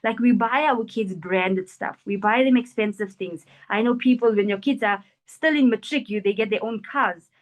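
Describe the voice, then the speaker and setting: Animated woman giving advice. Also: fairly high pitch, moderate pace, hardly any pauses, lo-fi sound. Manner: earnest, animated, acts out quoted parents and children. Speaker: NLP practitioner and life coach. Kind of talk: interview answers, advice on parenting.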